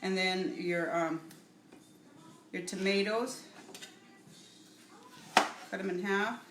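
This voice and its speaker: A middle-aged woman hosting a casual live cooking demo from her home kitchen, chatty and halting, stopping to greet viewers by name. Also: mid-range voice, steady tone, a bit bright. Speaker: cooking show host. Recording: echoey room with faint music.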